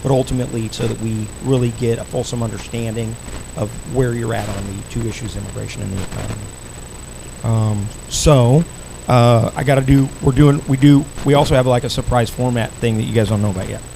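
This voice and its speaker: Gravelly man rambling through forum announcements. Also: medium pitch, steady tone, fairly quick, noisy background. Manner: loose, rambling, with restarts. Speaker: forum organizer. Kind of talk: casual announcements.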